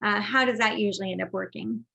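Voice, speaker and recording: A woman's voice: medium pitch, steady tone, fast talker, gravelly, pushed and bright. Chatty woman interviewer full of fillers. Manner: chatty, many fillers, friendly questions. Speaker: interviewer host. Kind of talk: conversational interview.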